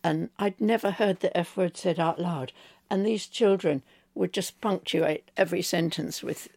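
A woman's voice: on the low side, moderate pace, creaky, a little mellow, no echo, clean studio sound. An older woman from England, a novelist being interviewed, telling rambling anecdotes with fillers. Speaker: novelist guest. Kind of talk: conversational interview.

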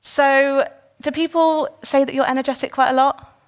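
A woman's voice: high-pitched, fairly even intonation, moderate pace. Upbeat woman hosting a live podcast. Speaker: podcast host. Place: live event venue.

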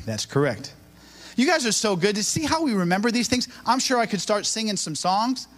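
An upbeat preacher, a man whose voice sits high for a man. He banters with the congregation and quizzes them before slipping into prayer and a sermon. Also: fairly bright tone. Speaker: bishop preaching. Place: church before a live congregation.

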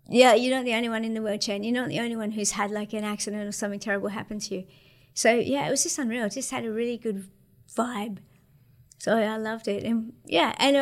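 Laid-back Australian woman, slangy chat. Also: on the high side. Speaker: interview guest, para-surfer. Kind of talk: casual interview chat.

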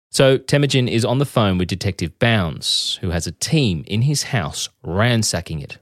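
Low-voiced true-crime podcast host. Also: male voice, no room sound, clean studio sound. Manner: measured, reads narration evenly. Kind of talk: scripted true-crime narration.

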